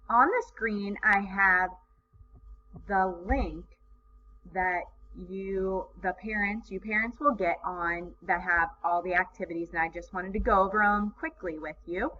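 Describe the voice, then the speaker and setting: A woman teaching kindergarten in a recorded video lesson, with slow, encouraging, sing-song teacher talk. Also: mid-range voice. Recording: slightly dull lo-fi sound, faint background noise.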